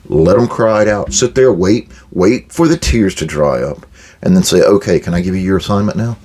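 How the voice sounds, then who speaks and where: A man's voice: low voice, normal speed, darkish tone. An older man hosting a management advice talk, blunt and direct, acting out quoted exchanges with workers. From United States. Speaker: podcast host giving management advice.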